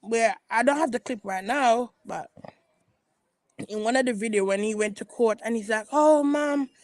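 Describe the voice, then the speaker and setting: A woman's voice: a little high, normal speed, no room sound. Emphatic woman vlogger, dry close sound. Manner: emphatic and repetitive, with frequent restarts. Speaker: commentary vlogger. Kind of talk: casual opinion commentary.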